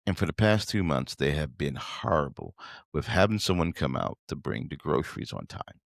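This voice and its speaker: A man's voice: rumbling low, very animated, moderate pace, gravelly, no echo, clean studio sound. A man hosting a podcast, giving a motivational business talk in an emphatic, preachy way and addressing listeners directly. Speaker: podcast host.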